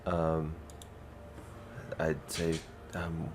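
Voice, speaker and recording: A man playing a tabletop game who speaks haltingly, often stumbling and restarting. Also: a bass voice, fairly even intonation, creaky, noisy background. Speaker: player.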